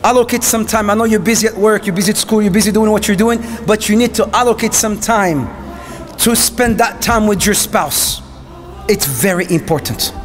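High-voiced animated male preacher. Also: moderate pace, soft background music. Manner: animated, acts out little scenes. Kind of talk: sermon.

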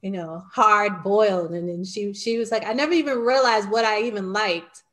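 A woman hosting an interview, telling a short story in a relaxed, reflective way. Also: medium pitch, moderate pace. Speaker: host. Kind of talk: conversational interview.

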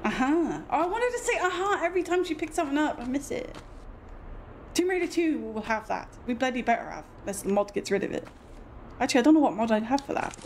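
A woman, chatting casually and excitably while streaming a game. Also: high voice, quick pace. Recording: noisy background.

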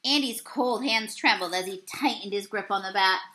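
A woman teacher reading a children's storybook aloud, expressive and acting out the characters. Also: medium pitch, normal speed, poor audio.

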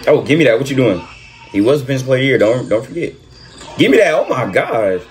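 A man doing excited reaction commentary over a basketball video, repeating himself and talking in slang. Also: medium pitch, fast. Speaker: reaction streamer.

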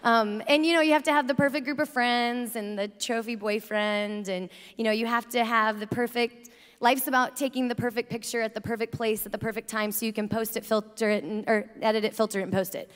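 A woman's voice: a little high, steady tone, brisk, clear, resonant tone. A young woman speaking at a youth conference, telling stories in a chatty way with lots of "like" and "you know". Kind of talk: energetic faith talk to a youth crowd. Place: large conference arena. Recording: long hall reverb from a large arena.

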